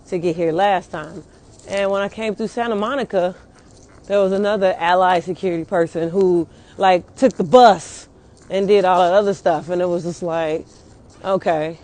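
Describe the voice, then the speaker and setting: A woman's voice: medium pitch, darkish tone. A young woman venting casually and angrily on a phone livestream outdoors, swearing often and rambling with many fillers.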